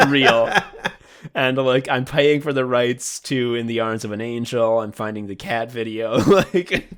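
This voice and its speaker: A man's voice: mid-range voice, animated, normal speed, a bit bright. A man co-hosting a comedy podcast, rambling in a mock sports announcer manner. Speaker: podcast co-host.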